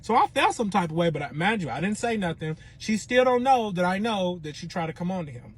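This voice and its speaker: A man telling a personal story in a dramatic, profane, animated way. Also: sits high, brisk, husky. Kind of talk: storytime monologue.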